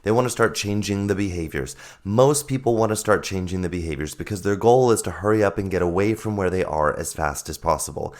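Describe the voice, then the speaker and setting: Hoarse guy with a really low voice doing his solo podcast, earnest, keeps repeating himself to drive it home. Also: fairly quick, hardly any pauses. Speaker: podcast host and life coach.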